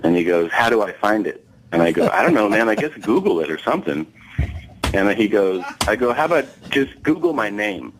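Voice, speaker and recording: Lively low-voiced male comedian telling a story. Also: fairly quick, a little hiss or hum, low-quality recording. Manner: animated, profane, acts out quoted dialogue, laughs mid-story. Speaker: guest comedian. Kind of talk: storytelling anecdote on a talk show.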